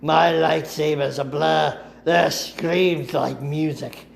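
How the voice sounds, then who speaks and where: A man reads a first-person story aloud at an unhurried, deliberate pace. His voice has a gravelly edge at a middle pitch, and a faint hiss sits under the home recording. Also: steady tone. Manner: slow, deliberate reading with occasional self-corrections. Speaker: amateur audiobook narrator. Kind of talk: first-person fiction reading.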